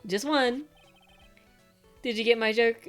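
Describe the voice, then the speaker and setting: A brash, boastful circus clown shouting his jokes, as a woman reads him out while playing. The voice sits a little higher and louder than her own talk, with faint music behind. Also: slow pace. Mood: showy. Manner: loud showy announcer delivery.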